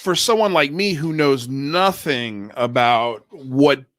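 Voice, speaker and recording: A man's voice: mid-range voice, takes it slowly, fairly bright tone. A man hosting a livestream, talking loosely with lots of fillers and casual slang. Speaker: livestream host.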